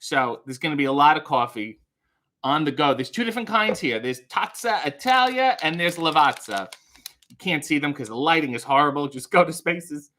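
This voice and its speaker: Wry, bright-voiced man livestreaming. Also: a little high, lively intonation, normal speed. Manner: rambling, wry and joking. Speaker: livestream host. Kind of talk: casual livestream chat. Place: small hotel room.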